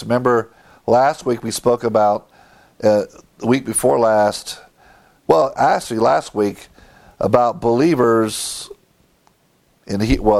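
Gravelly-voiced male preacher. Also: mid-range voice, a little mellow. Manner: acts out biblical characters in quoted voices. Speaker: pastor. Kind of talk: sermon.

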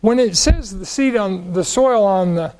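A man's voice: high-pitched, animated, unhurried, a little mellow, rough recording. A man teaching the Bible verse by verse, asking questions and answering them, leaning on key words.

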